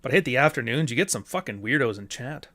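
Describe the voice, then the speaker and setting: Male live stream host, casual and profane, mid-pitched, joking asides. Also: lively intonation, fast, pushed and bright. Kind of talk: casual chat.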